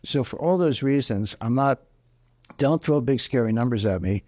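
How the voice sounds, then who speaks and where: A medium-pitched, mellow male voice, animated and moderately paced, comes across in studio quality with no echo. The speaker is an interview guest on economics who explains emphatically, hammering his key points.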